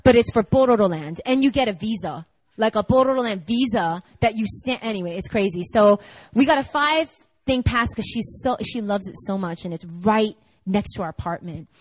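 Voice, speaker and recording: A young adult woman preaching a conversational sermon, telling stories in a chatty, animated way full of "like" and laughter. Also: medium pitch, normal speed, dry recording, poor audio.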